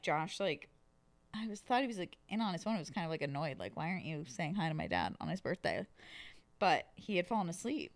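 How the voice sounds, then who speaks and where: A young woman co-hosting a podcast in casual chat, telling stories with a laugh. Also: fairly low pitch. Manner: animated storyteller, laughs often. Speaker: podcast co-host.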